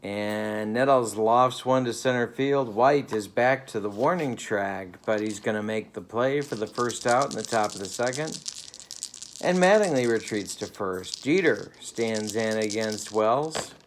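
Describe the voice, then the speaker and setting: Slow-talking man calling mock play-by-play. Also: fairly low pitch, slight background noise. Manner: dry, playful broadcaster patter. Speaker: host playing a tabletop baseball game. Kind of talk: mock radio play-by-play commentary. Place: home living room.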